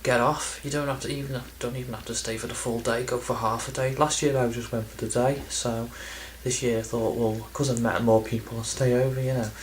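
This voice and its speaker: A man's voice: medium pitch, little pitch movement, brisk, few pauses, a little hiss or hum, poor audio. A man chatting in a casual vlog, rambling and self-deprecating, with plenty of ums and restarts. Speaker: video game collector vlogger.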